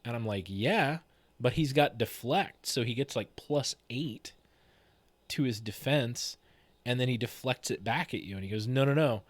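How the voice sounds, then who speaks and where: Animated man retelling a game story. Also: mid-range voice, moderate pace, dry recording. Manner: animated storyteller, quoting players, laughing. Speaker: streamer telling a game story. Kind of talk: casual anecdote retelling a tabletop game session.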